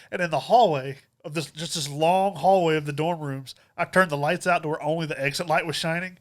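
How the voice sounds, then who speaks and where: A man co-hosting a podcast, telling a story with frequent chuckles and halting restarts. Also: on the high side. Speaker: podcast co-host. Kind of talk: casual podcast chat.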